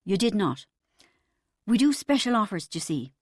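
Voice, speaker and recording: A woman's voice: mid-range voice, very animated, normal speed, a little mellow, no room sound, clean studio sound. A woman voicing a bitter, boastful middle-aged husband in an audiobook, pompous and aggrieved. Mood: indignant.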